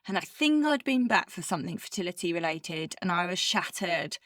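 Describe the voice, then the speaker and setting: A woman's voice: fairly low pitch, big pitch swings, brisk, fairly bright tone, dry recording, studio quality. A woman co-hosting a podcast in casual chat, telling stories in a chatty, rambling way full of "like". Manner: chatty storyteller, lots of "like". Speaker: podcast co-host. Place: living in Bermuda as an expat.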